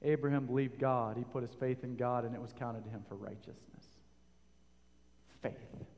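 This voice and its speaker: A man preaching a sermon, rising to loud emphatic peaks and putting questions to his listeners. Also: mid-range voice, fairly even intonation, fairly quick, in a large hall.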